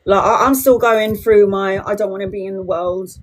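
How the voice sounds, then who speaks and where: A woman's voice: medium pitch, fairly even intonation, normal speed. Casting: forties woman, blunt, sweary livestream tarot reader, plain mid voice. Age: 40s. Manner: chatty, blunt and sweary, talking straight to viewers. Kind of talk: casual livestream chat to viewers.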